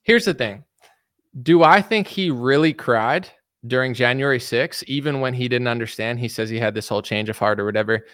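A man's voice: medium pitch, fairly quick, a bit bright, dry recording, studio quality. A man giving casual political commentary in a blunt, mocking way, rambling with restarts.

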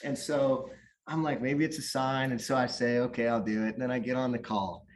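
A man talking in a casual podcast chat, telling a long story about volunteer youth coaching in an animated, rambling way with frequent restarts. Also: medium pitch, a little fast, slight background noise. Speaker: guest or co-host, youth soccer coach.

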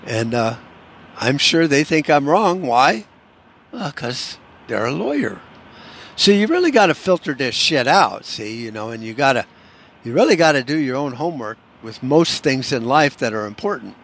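A man's voice: mid-range voice, big pitch swings, normal speed, fairly bright tone. Male podcast host, swearing, sarcastic rant, faint hum behind him. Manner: profane, sarcastic, ranting.

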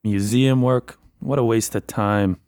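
A man voicing a blunt, suspicious 1920s police officer in a tabletop role-play, gruff and dismissive. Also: lowish voice, fairly even intonation, unhurried, darkish tone, dry recording, clean studio sound. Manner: gruff, plain-spoken, dismissive. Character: blunt suspicious male 1920s Boston cop.

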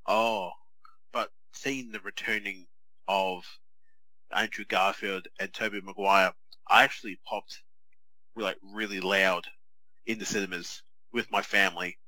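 This is a man, talking on a podcast in a chatty, animated way and restarting his sentences often. His voice is fairly low but very bright and sharp. The sound is dry and close, with no room around it. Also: unhurried, no room sound, rough recording. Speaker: podcast co-host. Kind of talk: casual chat.

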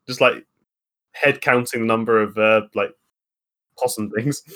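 A man's voice: on the low side, steady tone, a little slow, pushed and bright. A man playing a tabletop game, chatty and amused. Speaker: player. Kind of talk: tabletop role-play chat.

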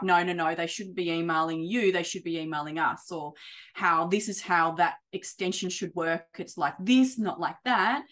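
A woman chatting casually as an interview guest, acting out quoted conversations in an animated way. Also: on the low side. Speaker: property investor client.

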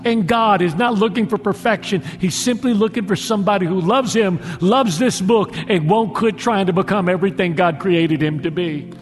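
A middle-aged male pastor preaching a sermon, slowing down dramatically to stress his points. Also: high voice. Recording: long hall reverb with music.

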